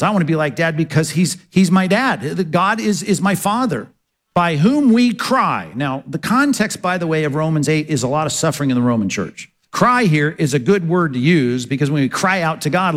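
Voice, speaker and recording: Male pastor, slightly high voice, earnest sermon delivery with self-answered questions, hall reverb. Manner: earnest preaching, rhetorical questions answered aloud.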